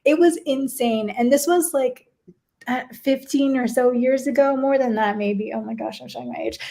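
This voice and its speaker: A woman's voice: sits high, moderate pace, gravelly, dark tone. A woman in her thirties, a podcast guest talking casually about her art career, chatty and laughing often. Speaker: podcast guest, gallery curator. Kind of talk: casual chat.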